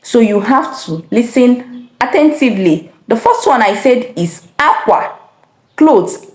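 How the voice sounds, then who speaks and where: A woman teaching vocabulary, saying each word slowly and repeating it with careful tones. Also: a little high, big pitch swings, a little mellow, roomy sound. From Nigeria. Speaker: language teacher. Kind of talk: slow vocabulary lesson.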